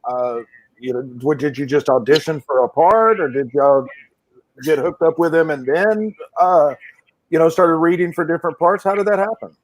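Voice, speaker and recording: A man's voice: a little high, moderate pace, rough recording. Man asking loose rambling questions. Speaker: interviewer. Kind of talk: casual interview questions.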